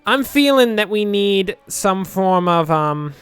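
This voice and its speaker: A man's voice: sits high, expressive, slow pace, a bit bright, clear, resonant tone, soft background music. A young man casually commentating his gameplay, rambling and joking, muttering asides to himself at a home desk microphone. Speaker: let's play host.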